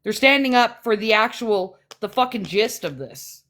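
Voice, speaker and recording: A woman's voice: fairly high pitch, animated, normal speed, fairly bright tone. A woman ranting heatedly on her livestream, profane, combative and sarcastic. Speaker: livestream host.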